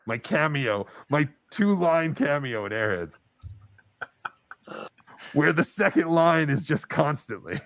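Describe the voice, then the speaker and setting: A man's voice: on the high side, very animated, slow pace, long pauses, no room sound. A man hosting a casual live-stream talk show, joking and teasing his co-host with mock indignation.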